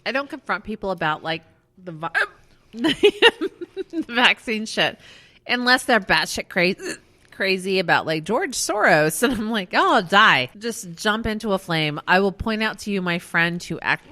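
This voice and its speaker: A woman's voice: mid-range voice, animated, unhurried, pushed and bright. A woman co-hosting a podcast in casual chat, drunk, hiccuping and laughing, swearing freely. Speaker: podcast co-host.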